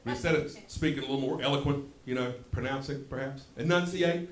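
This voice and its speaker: On a comedy club stage, a man from West Virginia with a Southern West Virginia accent delivers a self-deprecating stand-up set as a drawling storyteller. His medium-pitched voice moves quickly, and the club room is echoey with audible noise.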